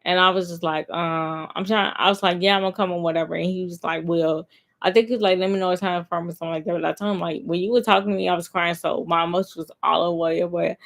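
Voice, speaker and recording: A woman's voice: on the low side, steady tone, fast, creaky. A young woman talking casually to her camera, telling a long story in a rambling, emphatic way with lots of filler words. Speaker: vlogger.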